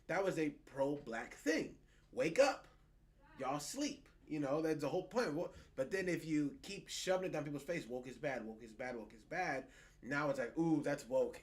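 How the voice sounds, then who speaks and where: Animated, swearing man on a podcast. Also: fairly high pitch. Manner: animated, profane, mocking quoted voices. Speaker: podcast co-host. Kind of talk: casual political chat.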